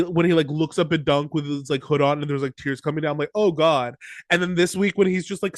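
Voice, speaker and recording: Male podcast co-host, fairly high pitch, dry close sound, rambles in fillers. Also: dry recording. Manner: thoughtful, rambling with many fillers. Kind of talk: casual chat reviewing a TV episode.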